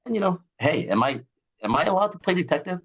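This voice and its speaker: A man who is a guest on an interview, talking in an animated, ranting way and acting out the voices of others. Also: high voice, fast, lo-fi sound. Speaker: guest, eye surgeon. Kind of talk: casual interview talk.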